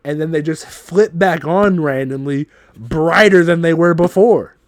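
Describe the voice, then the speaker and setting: A man hosting a podcast, telling a story in a loose, profane, animated way. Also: fairly high pitch, a little slow, no echo. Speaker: podcast host.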